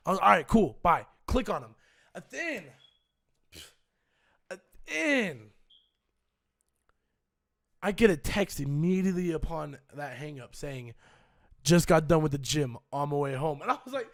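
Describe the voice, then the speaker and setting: A man's voice: high voice, lively intonation, normal speed, pauses often, a bit bright. A young man in his twenties, a streamer casually telling a story with lots of swearing and acting out both sides of the phone calls.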